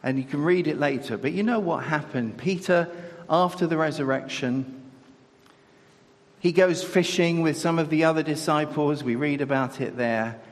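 A man's voice: a little high, normal speed. A man preaching a sermon in a conversational way, asking his listeners rhetorical questions. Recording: echoey hall.

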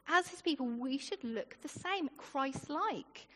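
High-voiced woman preaching in a hall. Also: unhurried. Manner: chatty and animated, with asides and laughter. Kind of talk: sermon. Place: church hall. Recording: long hall reverb.

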